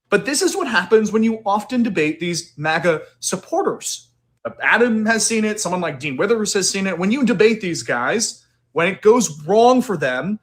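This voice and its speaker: A man giving online political commentary, laying out his argument step by step. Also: high-pitched. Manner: steady, argumentative.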